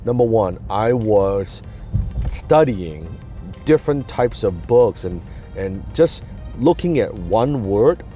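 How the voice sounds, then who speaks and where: A man's voice: fairly low pitch, expressive, slow pace, dark tone, soft background music. A man with a non-native English accent gives an emphatic motivational talk, repeating key words and asking rhetorical questions. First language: not English. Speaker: business and communication coach.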